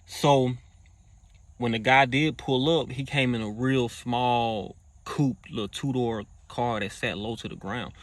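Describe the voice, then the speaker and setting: A man's voice: mid-range voice, steady tone, measured pace, dry recording. A man casually recounting a personal story in profane slang, acting out quoted lines in a raised voice. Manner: profane slang-heavy talk.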